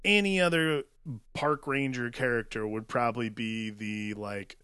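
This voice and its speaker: A man's voice: medium pitch, a little slow, sharp tone, clean tone, no echo, clean studio sound. A man co-hosting a casual film discussion, rambling and filling his sentences with "like.". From small-town America. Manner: rambling, filler-heavy with "like". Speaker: podcast co-host.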